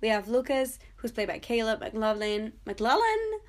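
A young woman hosting a solo podcast, chatting excitedly and casually with frequent fillers. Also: fairly high pitch, normal speed. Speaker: podcast host.

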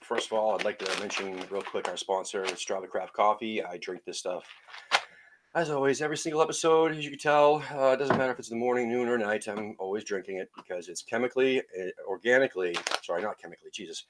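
A man's voice: on the low side, fairly even intonation, fast. A man hosting a casual podcast chat, loose and chatty. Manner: loose, chatty, laughs loudly. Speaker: podcast host. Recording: faint background noise.

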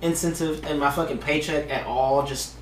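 A man's voice: on the high side, fairly even intonation, normal speed, recorded from a distance, a loud crowd. A man co-hosting a casual podcast, trading dry jokes and quips. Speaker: podcast co-host. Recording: echoey room.

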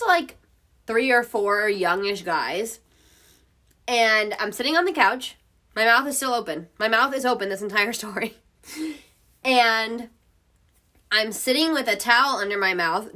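A woman's voice: medium pitch, sharp tone. A young woman hosting a podcast, telling a personal story in a frank, profane way and laughing often. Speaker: podcast host. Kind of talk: casual storytelling.

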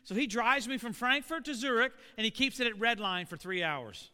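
Animated preacher man, bright and ringing. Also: extremely high pitch, normal speed, clean tone. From Oklahoma. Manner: animated, storytelling, asking the congregation questions. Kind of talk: storytelling sermon. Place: church. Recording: echoey church hall.

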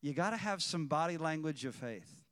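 A male preacher with a smooth, resonant voice, pitched a little high, delivering a sermon. He moves from quiet teaching to loud exhortation. His voice rings with the long reverb of a church hall. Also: lively intonation, normal speed. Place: church sanctuary.

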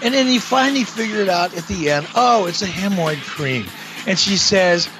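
Male guest, high and animated, crude storyteller, music underneath. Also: a little fast. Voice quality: animated, emphatic delivery with big pitch swings. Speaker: podcast guest. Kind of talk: casual profane storytelling.

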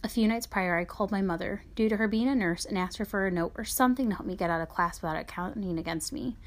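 A woman reads a personal memoir aloud at a middling pitch. Her delivery is quiet and subdued. At times it sinks nearly to a whisper. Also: fast. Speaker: author reading her own memoir.

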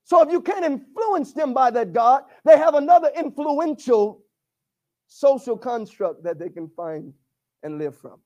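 Very high-pitched preacher guy, calls out to the church, gets loud. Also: lively intonation, measured pace. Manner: call-and-response preaching, rising to shouts. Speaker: pastor. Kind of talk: sermon.

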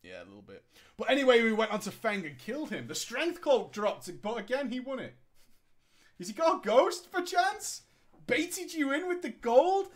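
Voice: medium pitch, huge pitch swings, normal speed. A storyteller reading a gaming story aloud and riffing on it sarcastically, swearing and laughing at it. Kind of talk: comedic story reading with commentary.

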